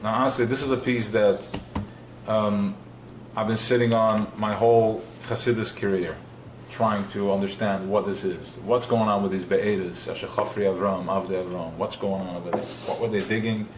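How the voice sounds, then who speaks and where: A man's voice: lowish voice, fairly even intonation, moderate pace, a little hiss or hum. Passionate man teaching in an echoey room. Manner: passionate, repetitive, asks himself questions. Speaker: Chassidic teacher. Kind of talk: live Torah class. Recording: live recording in an echoey room.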